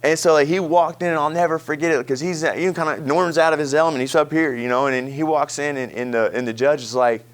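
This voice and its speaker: Man giving a personal testimony, lively telling, frequent laughs, restarts mid-sentence. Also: fairly high pitch, fast, hardly any pauses. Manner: animated, laughs often, many restarts. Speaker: speaker sharing his recovery story. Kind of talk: personal storytelling talk.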